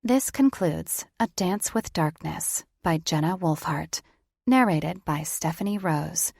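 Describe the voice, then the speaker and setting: Female audiobook narrator, low-pitched, dead-dry studio sound, expressive first person. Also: creaky, no room sound. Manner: expressive first-person reading, quick in heroine's lines. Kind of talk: scripted fantasy romance narration. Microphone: close studio mic.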